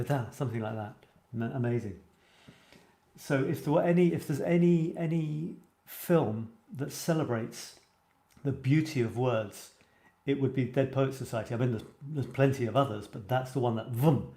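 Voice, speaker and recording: Medium-pitched and warm, this man hosts a live writing show, chatting away enthusiastically and reading viewers' comments aloud. It's casual livestream talk, and the room gives his voice a noticeable echo.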